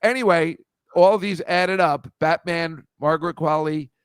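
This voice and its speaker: A man's voice: a little high, unhurried, clean tone, dry recording, clean studio sound. A man hosting a casual comedy chat, teasing his guest with a guessing game of photo clues. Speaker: podcast host.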